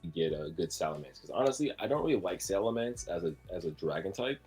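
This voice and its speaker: Casual chat from a man with a low, husky voice, eager and rambly, a soft bed of music playing faintly behind him. he's a podcast co-host who keeps going on with lots of ums. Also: animated, fast. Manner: enthusiastic, rambling with fillers.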